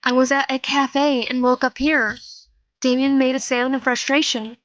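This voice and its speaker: A woman reading a visual novel aloud, slowly, with frequent slips and self-corrections. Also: sits high, flat delivery, a bit bright, no room sound, highs cut off. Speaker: let's play narrator.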